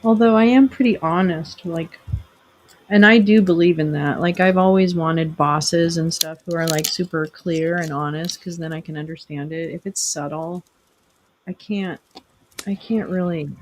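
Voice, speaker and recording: A woman's voice: lowish voice, normal speed, a little mellow, slight background noise, rough recording. A middle-aged woman hosting a casual livestream, rambling and self-deprecating as she chats with viewers. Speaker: livestream host.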